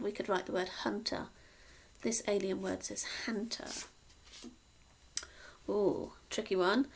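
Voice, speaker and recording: A woman teacher from Cornwall slowly sounding out words in a sing-song phonics lesson for young children. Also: medium pitch, gravelly, fairly bright tone. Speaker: primary school teacher.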